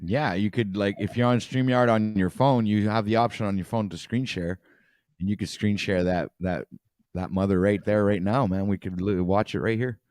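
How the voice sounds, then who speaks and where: A low-pitched man speaks calmly on a livestream, trying to soothe his friend and stumbling over repeated words. The sound is dry and close. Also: moderate pace, no echo. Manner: calm, soothing, hesitant with repeats. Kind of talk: casual livestream chat.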